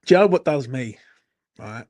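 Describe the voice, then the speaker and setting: A man's voice: mid-range voice, lively intonation, moderate pace, darkish tone. A man hosting a late-night fan Q&A, tipsy, swearing and ranting with laughing banter. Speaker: fan channel host. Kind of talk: late-night live Q&A chat.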